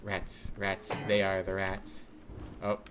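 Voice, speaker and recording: A man's voice: low voice, completely flat delivery, slow, music in the background. A man streaming a game, joking and chatting casually, swearing now and then.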